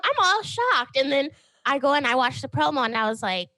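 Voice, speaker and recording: A woman guesting on a podcast, chatting casually in an animated, opinionated way and acting out quotes. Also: high-pitched, quick pace, noisy background.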